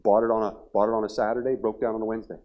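A man in his forties, a pastor preaching a revival sermon, joking and telling stories, then pressing his point loudly. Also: fairly low pitch, level tone, racing, muffled recording. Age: 40s. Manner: humorous storytelling, rising to loud emphatic preaching. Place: church sanctuary.

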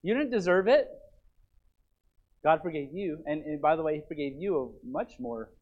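Male preacher, higher voice, earnest and emphatic, muffled lo-fi recording. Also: expressive, moderate pace. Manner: rises to emphatic then drops to quiet earnest. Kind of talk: sermon. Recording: dull lo-fi recording.

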